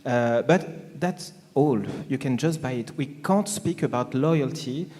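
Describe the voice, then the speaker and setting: French-accented male panelist, mellow tone, hesitant, conference hall echo. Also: mid-range voice. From France. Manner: halting, many fillers and restarts. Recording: long hall reverb.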